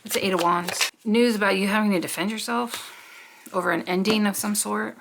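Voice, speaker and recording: A woman's voice: mid-range voice, steady tone, moderate pace, vocal fry, fairly bright tone, slight background noise. Chatty rambling woman reading tarot. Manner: chatty, rambling, swears casually, talks to herself. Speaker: tarot reader.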